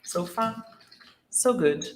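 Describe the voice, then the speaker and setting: A man teaches a live online lesson at an unhurried pace. He explains patiently and answers viewers' questions as they come in. His voice carries a roomy echo. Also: high voice, animated, slight background noise. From Brazil. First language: Portuguese. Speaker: Portuguese teacher.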